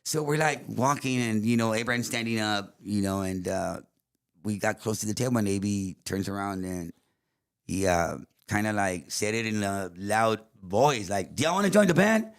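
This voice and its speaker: A man. He is a guest musician telling stories in casual chat. He talks in an animated way, switches between English and Spanish and laughs often. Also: on the low side, normal speed, smooth. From South Texas. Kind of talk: casual storytelling.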